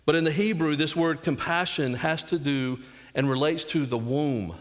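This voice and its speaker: A man's voice: on the high side, normal speed. A man with a Southern US accent preaching a sermon as pastor, earnest, acting out quotes and dropping asides to the congregation. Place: church sanctuary. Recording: long church reverb.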